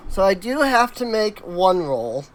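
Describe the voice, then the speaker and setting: A woman narrating a tabletop game as game master, halting with many fillers and restarts. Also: medium pitch, sing-song, low-quality recording.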